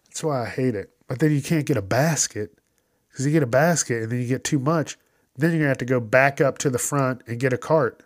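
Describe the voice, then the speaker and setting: A man's voice: medium pitch, fairly quick, no echo. Profane ranting man, dry close mic. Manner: profane, ranting, acts out quoted exchanges. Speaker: podcast host. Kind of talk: casual solo rant.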